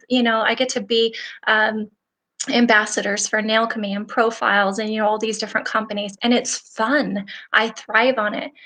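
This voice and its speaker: Chatty upbeat woman, forties, bright voice, rambly motivational livestream talk. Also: fairly high pitch. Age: 40s. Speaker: nail technician and livestream host. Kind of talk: casual livestream chat reading comments.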